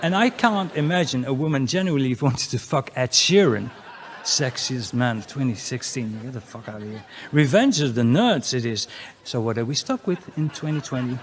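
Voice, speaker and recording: A man with a Dutch accent doing a crude, mocking stand-up routine, often jumping into loud, high exclamations. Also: lively intonation, moderate pace. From Netherlands. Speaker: comedian.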